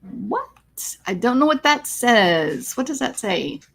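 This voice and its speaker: A woman's voice: on the high side, big pitch swings, takes it slowly, gravelly. A woman psychologist talking on a live stream, explaining clinical topics and answering viewer comments.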